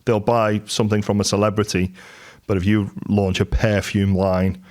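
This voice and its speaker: A man's voice: fairly low pitch, level tone, moderate pace, a little mellow. A middle-aged man from England, giving a candid, conversational motivational talk about business and telling stories from his life. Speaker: business and property coach.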